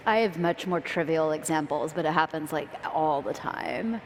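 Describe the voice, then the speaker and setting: A woman's voice: low voice, normal speed. A woman speaking on a conference panel, earnest, with frequent "like" and "um". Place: large conference hall. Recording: reverberant hall, faint noise.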